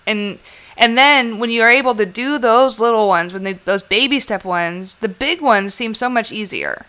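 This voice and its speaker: Bright, crisp-voiced woman chatting candidly. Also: fairly high pitch, moderate pace. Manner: candid, swears freely, animated storytelling. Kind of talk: casual chat.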